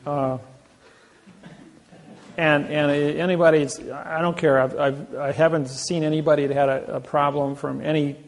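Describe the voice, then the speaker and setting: A man's voice: a little high, little pitch movement, normal speed. A man talking casually and boastfully about his legal exploits, rambling with frequent restarts. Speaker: self-styled legal advocate. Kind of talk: casual storytelling talk.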